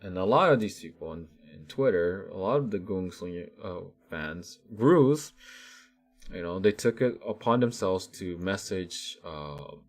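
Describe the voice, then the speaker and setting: A man's voice: deep voice, a little mellow. A man vlogger giving casual, rambling commentary with many restarts and fillers.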